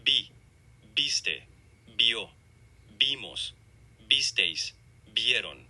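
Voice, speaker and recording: Slow, husky man reading word drills. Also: medium pitch, expressive, pushed and bright. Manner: slow, deliberate, one word at a time. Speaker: model speaker reading examples. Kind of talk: reading word lists for a lesson.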